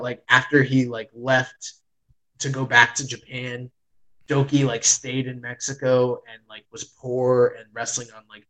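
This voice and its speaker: A man in casual chat, retelling a match as an excitable storyteller who fills his talk with "like" and swears freely. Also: mid-range voice, low-quality recording. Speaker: podcast host reviewing wrestling.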